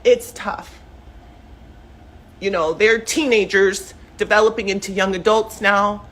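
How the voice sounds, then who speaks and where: A woman's voice: medium pitch, fairly even intonation, a little slow, fairly bright tone. A middle-aged mother speaking emotionally and heatedly to camera from her living room, rambling with many fillers. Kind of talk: emotional direct-to-camera statement. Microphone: self-recorded camera video.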